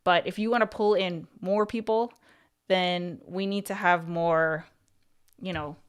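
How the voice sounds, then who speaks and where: Woman, livestream host, casual coaching chat, lowish pitch, smooth voice, filler-heavy, restarts sentences. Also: fairly even intonation, measured pace. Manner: chatty, heavy on fillers like "like" and "you know"; restarts and repeats words mid-thought.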